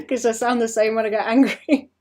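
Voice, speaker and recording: A woman with a British accent who chats casually and rambles while she draws on a live stream, often trailing off into quiet muttering and poking fun at herself. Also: fairly high pitch, animated, normal speed. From Britain. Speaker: streaming artist.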